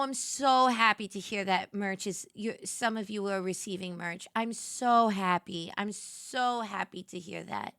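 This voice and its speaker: A woman's voice: mid-range voice, a little slow, hardly any pauses, a bit bright, clean tone, no room sound, clean studio sound. A woman hosting a casual late-night livestream, chatty and giggly, greeting viewers and playfully sassy. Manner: giggly, chatty, reads and answers chat. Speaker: livestream host.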